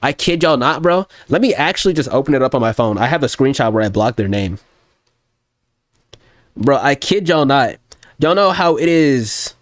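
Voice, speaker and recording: A man's voice: medium pitch, lively intonation, moderate pace, no echo, studio quality. A young man streaming as a music producer, telling a rambling, profane story in heavy slang with a casual, ranting delivery.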